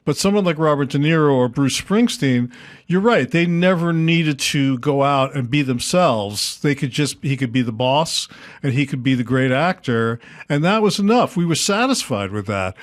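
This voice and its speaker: A man's voice: on the high side, animated, moderate pace, dry recording, studio quality. An older man, a writer and director, talking as a guest in thoughtful, searching, reflective interview chat. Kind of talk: casual interview talk.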